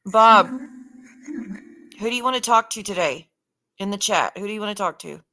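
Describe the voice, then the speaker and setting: A woman hosting a live spirit-box session. She calls out names in a halting way, strains to hear, and talks to her chat. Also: medium pitch, expressive, pushed and bright, big-room sound. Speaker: paranormal livestream host.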